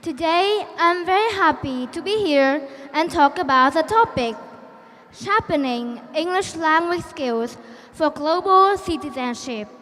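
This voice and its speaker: A young woman with a Vietnamese accent speaks in a very high voice, taking her time over every phrase as she tells a story in a prepared talk. Her voice rings out through a large hall with a long reverb tail and faint noise underneath. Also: animated, fairly bright tone. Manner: slow, deliberate, storytelling.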